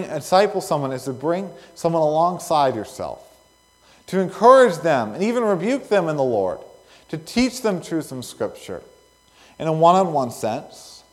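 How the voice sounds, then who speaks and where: Earnest pastor preaching in echoing hall. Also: male voice, fairly high pitch, big pitch swings. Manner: earnest, rising and falling emphasis with pauses. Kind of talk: sermon. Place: church sanctuary. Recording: long reverb of a church hall.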